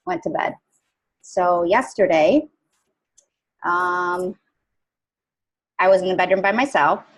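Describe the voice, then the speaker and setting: A young adult woman telling a personal story in a halting, casual way, with many pauses and fillers. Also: lowish voice, fairly bright tone, low-quality recording. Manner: halting, many ums and restarts. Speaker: guest sharing a story.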